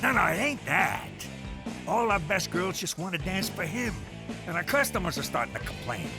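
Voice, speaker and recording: A gravelly, wisecracking cartoon mob uncle, deadpan in delivery. His pitch wanders wide, and music plays clearly behind. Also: moderate pace. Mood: explaining. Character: dry-witted male mob uncle sidekick.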